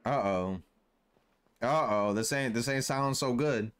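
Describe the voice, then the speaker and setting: This young man's mid-range voice is smooth and a bit bright, delivered at a measured pace as he narrates his gameplay for YouTube. He keeps it casual, leans on slang, and jokingly voices the characters.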